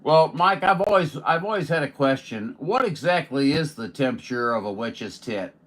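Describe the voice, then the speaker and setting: A man's voice: mid-range voice, lively intonation, normal speed, noisy background. A man from Missouri, a radio operator chatting in a casual, folksy, joking way with other stations. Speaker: radio operator streaming contacts. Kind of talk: casual ham radio chat.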